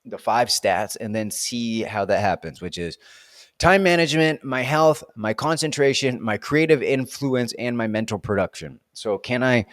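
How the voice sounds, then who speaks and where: A man's voice: medium pitch, normal speed, a bit bright, dry recording, studio quality. A man in a casual solo vlog, rambling through reflective questions and talking to himself in a playful, self-deprecating way while standing up to film. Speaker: vlogger answering reflective questions. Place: indoors, standing while filming.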